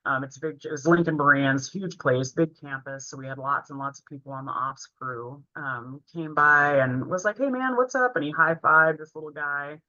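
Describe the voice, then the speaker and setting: A woman's voice: low-pitched, fairly even intonation, moderate pace, few pauses, pushed and bright, no room sound. A woman in her forties telling a heartfelt personal story in an earnest way while presenting a training session. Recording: dull, lo-fi, dry sound.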